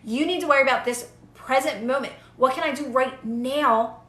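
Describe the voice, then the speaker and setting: A woman's voice: high-pitched, normal speed, a bit bright, reverberant. A young woman giving casual, earnest manifestation advice to viewers on a live stream, repeating phrases for emphasis.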